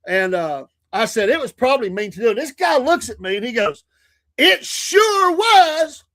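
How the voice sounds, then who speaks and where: A man co-hosts a casual livestream, reading out viewer comments and rambling through stories full of restarts and fillers. His voice sits high and sing-song, with a fairly quick pace and a fairly bright tone.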